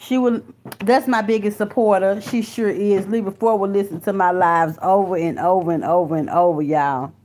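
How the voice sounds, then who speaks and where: A woman's voice: medium pitch, steady tone, normal speed, darkish tone. Blunt, profane woman live-streaming. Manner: blunt and profane, calling viewers honey and baby. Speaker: livestream host reading viewer comments. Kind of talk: casual live-stream chat. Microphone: phone or computer mic.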